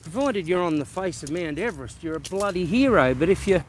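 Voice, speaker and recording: A man's voice: high-pitched, expressive, a little fast, a little hiss or hum. An Australian man rambling in a casual outdoor vlog, with folksy bush slang. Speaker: vlogger.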